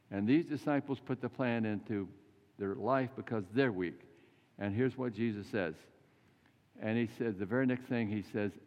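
An older man preaching a folksy, animated sermon in a church. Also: fairly low pitch. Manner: folksy, animated storytelling with acted quotes. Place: church sanctuary. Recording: muffled church recording with long reverb.

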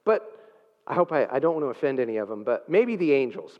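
A man's voice: mid-range voice, sing-song, a little fast. A man preaching a sermon, earnest and emphatic, with frequent filler sounds. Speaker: pastor. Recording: dull sound with long hall reverb.

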